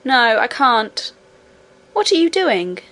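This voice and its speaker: Storybook miner boy, brisk and hushed, as a woman reads him. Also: on the high side, big pitch swings, exaggerated voice. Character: young miner boy, practical and hurried.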